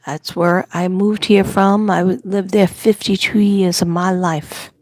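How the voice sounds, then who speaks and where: A woman's voice: medium pitch, steady tone, measured pace, no room sound. An older woman with a New York accent, chatting casually and telling rambling stories on a livestream. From Staten Island, New York. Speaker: livestream host. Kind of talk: casual chat.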